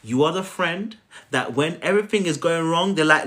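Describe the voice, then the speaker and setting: A man coaching viewers on a live stream in a preachy, animated way, often checking in with "right?". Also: on the high side, normal speed. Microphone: phone.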